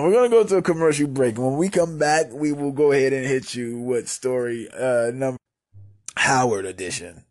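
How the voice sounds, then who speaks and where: A man from Washington, D.C. hosting a podcast, telling a story in a profane, rambling way, dropping from mumbles into loud outbursts. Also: medium pitch, normal speed, dry recording. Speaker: podcast host. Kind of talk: casual storytelling podcast monologue.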